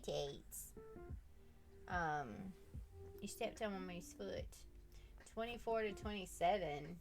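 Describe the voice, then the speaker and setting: A woman's voice: fairly low pitch, slow pace, pauses often, soft background music. A woman hosting a drawing livestream from home, chatting casually, reading chat aloud and laughing often. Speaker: art livestream host.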